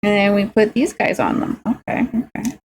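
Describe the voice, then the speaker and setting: A woman's voice: mid-range voice, normal speed, darkish tone, a little hiss or hum. A young woman streaming as she builds miniatures, chatting playfully and making silly sing-song noises. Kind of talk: casual chat while crafting miniatures.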